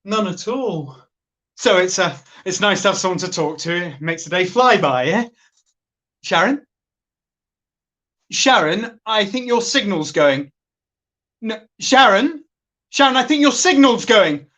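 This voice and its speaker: A smug, sleazy office boss, played by a woman, brags and flirts down the phone in a comic monologue. The voice swoops lively up and down and takes its time. He speaks with an unhurried, self-satisfied drawl. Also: mid-range voice. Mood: chatty, then panicked. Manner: boastful and flirtatious. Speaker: sketch performer.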